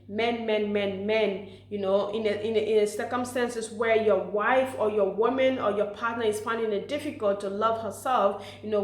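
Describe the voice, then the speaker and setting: A woman giving encouraging advice to mothers in an earnest, warm way, often saying "you know" and "okay". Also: on the high side. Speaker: motivational speaker for mothers. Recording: echoey room.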